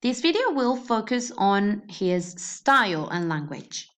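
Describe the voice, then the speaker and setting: Woman teacher, video lesson, explanatory, steady middle pitch, slow careful verse reading. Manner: explanatory, with fillers and restarts; reads verse slowly to mark the rhythm. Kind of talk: educational video lecture.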